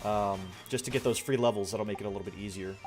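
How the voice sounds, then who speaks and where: A man's voice: on the low side, fast talker. A man streaming a game, chatting casually and rambling to his viewers, his throat a little strained. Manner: relaxed, rambling, talks to chat. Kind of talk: casual gaming stream chat. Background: faint background music.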